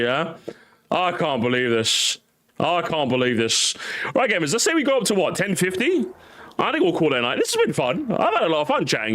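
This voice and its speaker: Male streamer, 30s, higher-pitched and very animated, loose banter with swearing. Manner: banter, swearing, loud teasing bursts. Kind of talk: casual live-stream chat.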